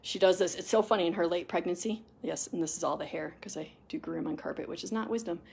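A middle-aged woman chatting casually while grooming her dog, rambling with many ums and restarts and cooing soft asides to the dog. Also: on the low side, fast talker, vocal fry, slight background noise.

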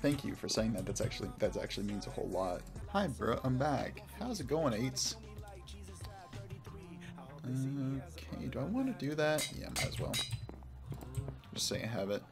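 A man's voice: medium pitch, very animated, moderate pace, vocal fry, pauses often, music in the background. A man from Oklahoma chatting casually and rambling while he plays a game on a live stream. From Oklahoma, United States.

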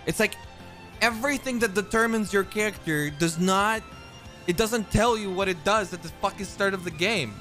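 A man's voice: sits high, normal speed, fairly bright tone, faint music behind. A man streaming a game, complaining in disbelief about its design, swearing casually. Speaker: gaming streamer.

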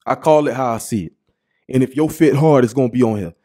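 A young man hosts his show in casual, hyped commentary, piling on exclamations and slang. His voice is mellow and dark. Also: medium pitch, fast talker. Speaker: show host.

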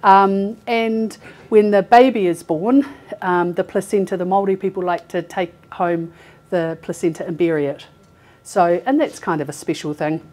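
Lowish and darkish, her voice moves at a normal speed with fairly even intonation. The speaker, a healthcare recruiter in her forties, gives an informal, chatty presentation to a live meeting-room audience, laughing often and filling pauses with fillers.

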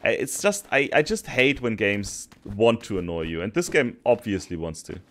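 A man commentating his own gameplay, cursing in frustration and swinging between loud outbursts and low muttering. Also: very animated, normal speed. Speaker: gaming streamer. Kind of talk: let's play commentary.

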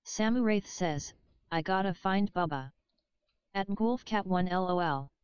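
A synthetic woman's voice reading chat messages aloud in an even, mechanical way. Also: on the low side, unhurried, clean tone, dry recording, highs cut off. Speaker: text-to-speech chat reader.

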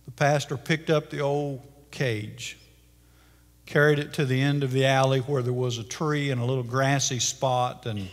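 A male pastor preaching a sermon, telling a story with dramatic pacing and closing in a hushed prayer. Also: medium pitch. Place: church sanctuary. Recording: long church-hall reverb.

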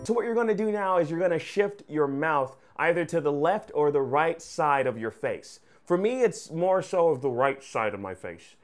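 Man, deep voice, casual tutorial, chatty with fillers, a bit higher-pitched than most men. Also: moderate pace. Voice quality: deep natural voice. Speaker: vlogger teaching impressions.

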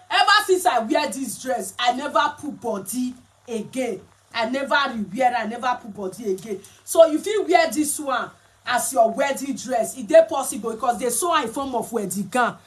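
A woman with a Nigerian accent chatting casually as a vlogger while explaining and showing clothes. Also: sits high. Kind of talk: casual chat.

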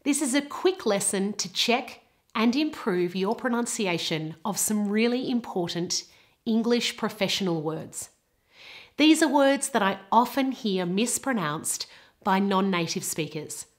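A woman presenting a short pronunciation lesson at a slow, unhurried pace. She sets out each word with care and repeats it for the listener to copy. Her pitch sits in a medium range. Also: expressive. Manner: clear, deliberate model pronunciations. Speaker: pronunciation teacher.

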